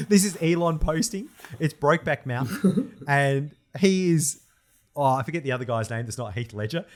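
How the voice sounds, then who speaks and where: A young man co-hosting a casual podcast chat, laughing often as he talks. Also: medium pitch. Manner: laughs often, animated, says "mate" a lot. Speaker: podcast co-host.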